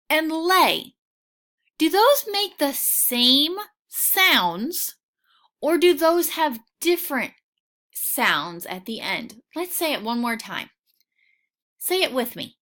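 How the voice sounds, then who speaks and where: A woman teaching a recorded phonics lesson for children, patient and encouraging, sounding out each word clearly. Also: high-pitched, pushed and bright. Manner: slow, clearly sounding out words.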